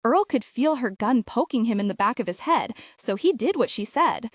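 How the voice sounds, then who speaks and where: A woman narrating a fiction audiobook with expressive storytelling. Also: fairly high pitch, moderate pace, no room sound, studio quality.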